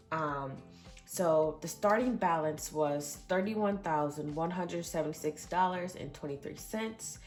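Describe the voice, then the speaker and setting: Low-voiced woman chatting about budgets. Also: darkish tone. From Michigan, USA. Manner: chatty, reads out exact figures, earnest. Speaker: budgeting vlogger. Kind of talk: casual budget update.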